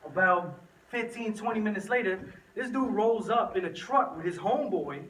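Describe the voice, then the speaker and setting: A high, bright-voiced young man tells an animated, slangy story to a teen group. His voice rings around an echoey room, picked up from a distance. A faint hiss sits under it. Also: moderate pace. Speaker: youth speaker. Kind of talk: storytelling talk to teens.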